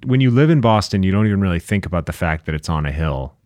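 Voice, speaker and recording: A man's voice: sits low, expressive, fast, a little mellow, no echo, clean studio sound. A man co-hosting a podcast, chatting casually in a wry, offhand way. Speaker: podcast co-host. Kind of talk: casual comedic chat.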